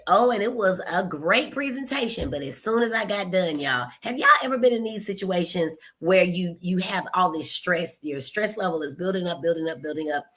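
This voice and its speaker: On a casual live stream, a woman with a lowish, fairly bright voice chats playfully, greeting viewers by name and calling them y'all and honey. She's a host who is also a psychiatrist and pediatrician, and she teases people and laughs at herself.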